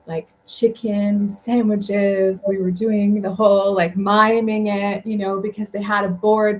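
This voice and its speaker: A woman's voice: mid-range voice, rough recording. Chatty woman guest, rambling travel stories. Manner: chatty, rambling, lots of fillers and laughs. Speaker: guest author. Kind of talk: casual interview chat.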